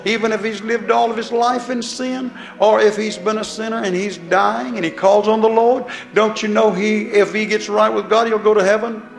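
Preacher man with a high ringing voice. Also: steady tone, moderate pace, creaky, hardly any pauses, echoey room. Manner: pleading, rhetorical questions. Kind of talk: fiery sermon.

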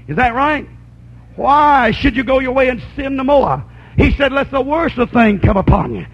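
A male preacher with a strikingly high voice delivers a sermon, stretching out key lines and rising into shouts. He keeps asking his listeners whether they agree. The recording sounds dull and lo-fi. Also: lively intonation, normal speed, slightly rough. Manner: asks the congregation for agreement.

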